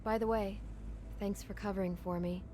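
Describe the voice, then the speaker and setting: Young female desk clerk played by a woman; anxious, secretive, stumbling answers, mid-pitch. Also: fairly even intonation, normal speed, warm tone, close to an everyday voice. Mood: nervous. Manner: hesitant, defensive. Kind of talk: video game acting. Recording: game audio over ambient noise.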